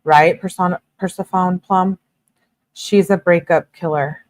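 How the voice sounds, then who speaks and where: Woman host, slightly low voice, reads messages aloud and answers viewer chat. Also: fairly even intonation, a little slow. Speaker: channel host. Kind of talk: reading text messages aloud with commentary.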